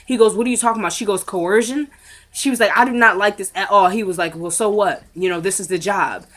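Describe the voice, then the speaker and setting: A woman's voice: mid-range voice, fast talker. A woman talks through a TV drama episode, retelling each scene by acting out the characters' lines. She keeps it casual and chatty, speaking right to her viewers. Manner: chatty, addresses viewers directly. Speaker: recap vlogger. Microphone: camera mic.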